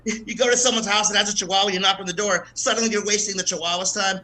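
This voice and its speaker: Bright-voiced man doing stand-up. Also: high voice, steady tone, quick pace, low-quality recording. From American South. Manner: casual, profane, laughs at his own jokes. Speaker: stand-up comedian. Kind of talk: stand-up set at an open mic.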